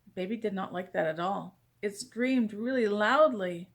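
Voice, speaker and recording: A woman reading a children's picture book aloud, gentle and expressive in bedtime style. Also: medium pitch, moderate pace. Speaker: storyteller.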